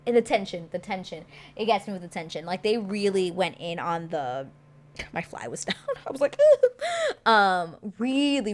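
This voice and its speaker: Chatty woman gushing over a show. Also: lowish voice. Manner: chatty, gushing, lots of fillers. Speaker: show recap host. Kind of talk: casual TV recap monologue.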